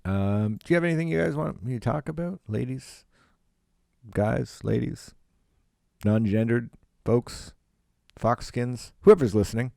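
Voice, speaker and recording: A man's voice: mid-range voice, measured pace, creaky, long pauses, mellow, no echo, clean studio sound. A Canadian man, a comedian, rambling on his solo podcast from home, swearing often and full of fillers. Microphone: home podcast microphone.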